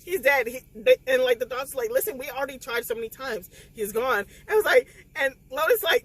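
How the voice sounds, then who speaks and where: A woman, recapping a novel in a casual spoiler vlog, tearful and animated as she acts out the scenes. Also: sits high, fairly quick, hardly any pauses, husky, low-quality recording. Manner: animated, emotional retelling with quoted dialogue. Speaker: book vlogger.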